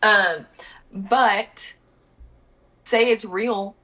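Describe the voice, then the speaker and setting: A woman's voice: mid-range voice, steady tone, extremely slow, pushed and bright, low-quality recording. A woman co-hosting a podcast in casual chat, laughing often with crude, playful banter. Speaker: podcast co-host.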